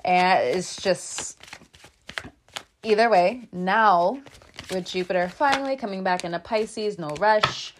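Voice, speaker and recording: A woman's voice: medium pitch, slow, slight background noise. A woman hosting a casual tarot reading from a room above her garage, chatty and rambling, laughing often between asides. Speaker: tarot reader and channel host.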